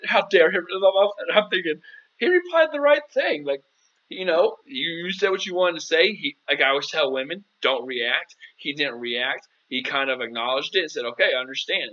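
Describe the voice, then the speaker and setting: A man's voice: a little high, sharp tone, lo-fi sound. A man hosting a casual live-stream Q&A as a dating coach, chatty and playful, calling viewers "girl".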